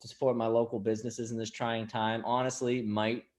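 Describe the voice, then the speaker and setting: A man from Boston does crude, sarcastic, casual stand-up as a guest comedian over a video call, drifting into put-on voices. He speaks briskly in a level, darkish mid-range voice.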